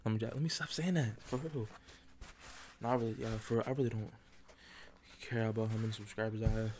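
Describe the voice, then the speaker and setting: A man's voice: fairly low pitch, steady tone, a little fast, darkish tone, a little hiss or hum. A man rambling chaotically in whispered ASMR, joking and jumping between whispers and spoken talk, close to the mic at home. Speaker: ASMR creator. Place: at home, sitting before a camera. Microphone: ASMR microphone, close.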